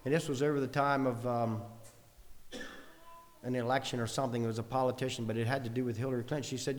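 A man's voice: medium pitch, fairly even intonation, fast talker, in a large hall. A man preaching a sermon in an earnest way, building long lists with rising emphasis.

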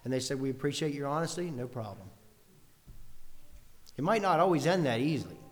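A man's voice: mid-range voice, expressive, fairly quick, long reverb tail. A man preaching a sermon in an earnest way, building long lists with rising emphasis.

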